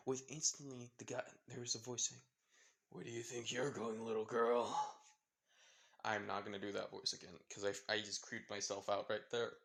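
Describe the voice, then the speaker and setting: A man narrating an improvised fan-fiction story off the cuff at a middle pitch. He rambles, circling back with fillers and restarts as he goes. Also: a bit bright.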